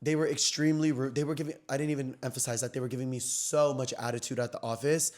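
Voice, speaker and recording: A young man talks fast and loosely on his own podcast, mid-pitched and full of slang. He tells a story like gossip to friends, getting loud and then dropping low in quick swings. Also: fairly even intonation. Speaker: podcast host. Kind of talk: casual storytelling chat.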